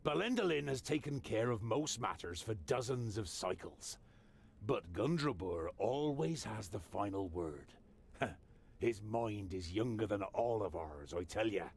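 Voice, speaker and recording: An actor playing a jovial male dwarf warrior twin in a fantasy video game, hearty and quick to laugh. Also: lowish voice, expressive, gravelly, slightly rough, full character voice.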